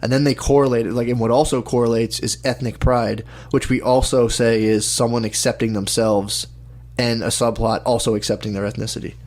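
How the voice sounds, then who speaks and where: A young man chatting casually, rambling through an animated story and mimicking other people's voices. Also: medium pitch, fairly quick. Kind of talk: casual chat.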